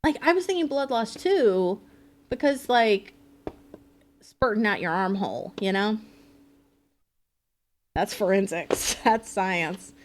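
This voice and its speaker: A woman's voice: mid-range voice, lively intonation, slow, pauses often, a little hiss or hum. A woman streaming a game live, chatting playfully and swearing freely as she thinks aloud. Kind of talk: casual live gameplay commentary.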